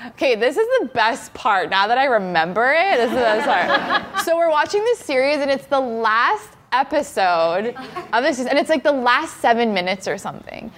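A woman guest on a podcast, an animated storyteller who laughs often as she talks. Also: on the high side, normal speed, slight background noise. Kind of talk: casual storytelling.

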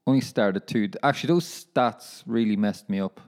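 A man's voice: on the low side, moderate pace, darkish tone. A young man hosting a casual solo podcast, chatting in a rambling, self-deprecating way and calling his listeners lads. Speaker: professional footballer and podcast host.

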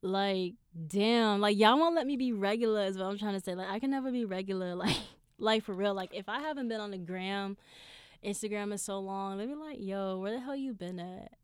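A woman's voice: medium pitch, a little fast, clear, resonant tone, dry recording. A woman hosting her own podcast, telling personal stories in a candid, profane way, full of fillers. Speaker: podcast host. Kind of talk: casual solo podcast monologue.

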